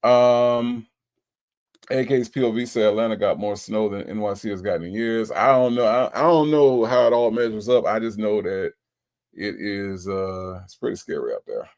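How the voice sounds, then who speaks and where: A man's voice: fairly low pitch, moderate pace, darkish tone. A laid-back man from Florida, hosting a casual livestream chat and reading out viewer comments. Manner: laid-back, chatty, repeats himself, playful. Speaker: livestream host.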